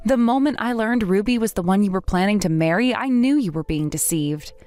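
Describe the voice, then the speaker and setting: A woman's synthetic voice reading a text-message story, playing two young female rivals from school as they trade sharp, bickering lines. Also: medium pitch, lively intonation, fairly quick, soft background music, close to an everyday voice.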